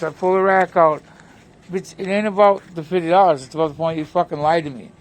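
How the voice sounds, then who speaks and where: A man's voice: a little high, quick pace. A man vlogging an angry, profane rant, telling a story packed with insults. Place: home, near a pet cat.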